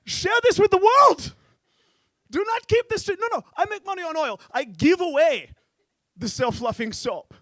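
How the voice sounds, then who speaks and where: A man's voice: high voice, very animated, normal speed, breathy edge, no echo, studio quality, pitched below the performer's own voice, exaggerated voice. A man voicing a rich, pompous oil sheik who makes grand theatrical pronouncements. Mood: overjoyed.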